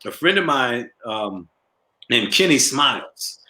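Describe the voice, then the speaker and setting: A middle-aged male comedian chats as an interview guest, spinning stories and laughing at his own punchlines. His voice is bright and very expressive, and the room around him is noticeably echoey. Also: medium pitch, slow pace. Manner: animated storyteller who laughs at his own jokes. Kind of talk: casual interview storytelling. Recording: roomy echo.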